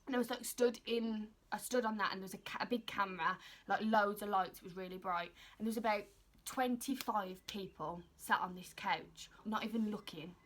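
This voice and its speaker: Bright, giggly young woman. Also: medium pitch, a little fast. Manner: animated, giggly, acts out quotes. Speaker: vlogger, model. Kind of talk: casual storytelling chat.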